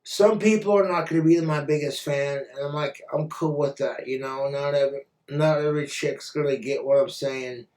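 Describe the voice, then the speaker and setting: A man rants into the camera, blunt and crude, swearing freely. His voice sits a little high for a man. It echoes around the room and sounds set back from the mic. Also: fairly even intonation, normal speed, few pauses, a little mellow. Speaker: vlogger. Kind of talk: profane casual rant. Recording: roomy echo, far from mic.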